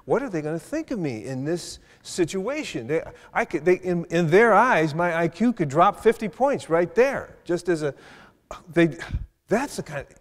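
An older man giving a university lecture, thoughtful, with many restarts and hesitations. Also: on the high side. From South Side of Chicago. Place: lecture hall. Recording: reverberant lecture hall.

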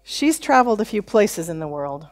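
Animated woman preaching a sermon. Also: mid-range voice, normal speed. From United States. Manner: conversational preaching, animated quoted voices. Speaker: pastor. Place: church.

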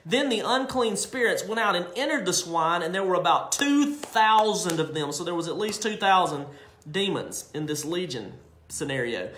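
A male preacher giving a sermon, reading scripture in an emphatic, drawn-out way and adding his own asides. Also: high-pitched, big pitch swings, fairly bright tone, echoey room.

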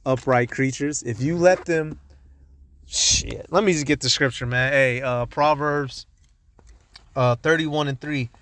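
A man giving an informal, profane religious teaching from inside a car, blunt and halting, often stumbling over his words. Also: mid-range voice, fairly bright tone, no echo. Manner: blunt and profane, with street slang. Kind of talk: informal preaching monologue.

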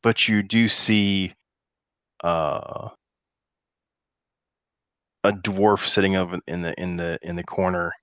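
A man narrating as game master for a tabletop role-playing session, talking in halting bursts with many restarts. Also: low voice, little pitch movement, fairly bright tone, clear, resonant tone, no echo. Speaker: dungeon master.

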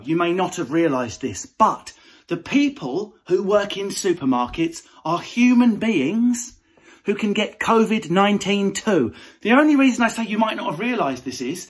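A man's voice: high-pitched, slightly rough. Brash, sweary male comedian. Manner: brash, sweary, mocking delivery. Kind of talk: comic rant to camera.

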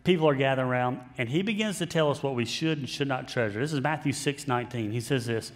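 A man's voice: mid-range voice, fast, hardly any pauses. Chatty male pastor in a reverberant hall. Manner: conversational, self-deprecating humor. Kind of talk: sermon.

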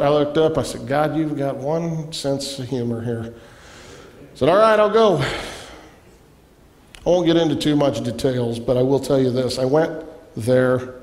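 A man preaching as a guest in a church, telling a personal story with animated delivery and acted-out voices. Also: medium pitch. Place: church sanctuary. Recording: echoey church hall.

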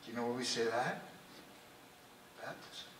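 Impassioned preacher, bright voice, echoing church. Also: male voice, mid-range voice, lively intonation, moderate pace, recorded from a distance, slight background noise. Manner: impassioned, heartfelt, often drops to a hushed earnest tone. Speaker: priest. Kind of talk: sermon. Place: church sanctuary. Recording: echoey church recorded from afar.

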